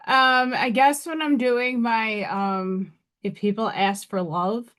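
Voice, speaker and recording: A woman's voice: on the high side, lively intonation, very slow, pauses often, sharp tone. A woman hosting a casual live stream from home, chatty and rambling, laughing often between asides.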